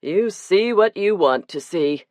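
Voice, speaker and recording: A woman's voice: on the low side, animated, slow pace, darkish tone, no room sound, clean studio sound. Woman doing a cocky, sarcastic man. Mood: needling. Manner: teasing, sarcastic. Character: cocky, needling man at a town table.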